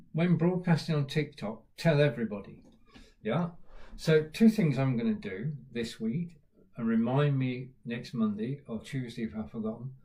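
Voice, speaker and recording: Host, male, British accent, casual rambling live-stream chat, fillers, medium pitch. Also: a little mellow. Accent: British English. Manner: chatty, greets viewers by name, lots of uh fillers. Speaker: livestream host.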